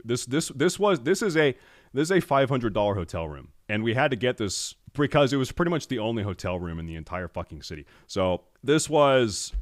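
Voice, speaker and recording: A young man with a somewhat low voice, talking casually to his stream chat. He swears freely and swings between tired grumbling and loud, exasperated outbursts. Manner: profane, exasperated, gets loud and animated.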